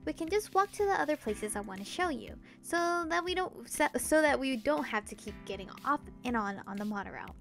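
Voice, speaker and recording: A woman's voice: high-pitched, lively intonation, a little fast, gravelly, few pauses, fairly bright tone, soft background music, full character voice. A woman reading the lines of a cheerful, teasing young woman guide from a visual novel, in a bubbly, upbeat manner. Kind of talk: reading game dialogue aloud.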